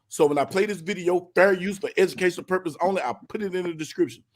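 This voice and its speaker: Man, livestream host, casual slangy chat, talks to viewers, fairly high voice. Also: fast talker, hardly any pauses.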